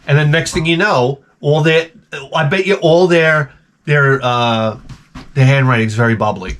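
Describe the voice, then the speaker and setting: A man's voice: medium pitch, measured pace, a bit bright. A male vlog host rambling through a comedic rant, crude and heavy on profanity. His delivery is jokey and exaggerated, and he jumps from one tangent to the next. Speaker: YouTube host.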